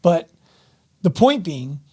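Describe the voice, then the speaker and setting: A man's voice: a little high, sing-song, takes it slowly, warm tone, breathy edge. A man hosting a fitness podcast and interviewing a guest, chatty, asking long winding questions. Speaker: podcast host and fitness coach. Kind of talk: casual interview talk.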